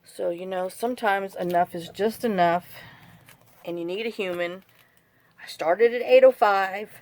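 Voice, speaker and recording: With an unhurried pace and a medium-pitched, slightly mellow voice, a journal-making vlogger talks casually as she crafts. Her chat rambles through anecdotes and complaints.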